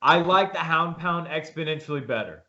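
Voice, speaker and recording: A man's voice: a little high, animated, moderate pace, bright, forceful tone. A man co-hosting a casual sports podcast, talking emphatically with frequent restarts. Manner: emphatic, rambling with repeated restarts. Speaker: podcast co-host. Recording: dull lo-fi sound.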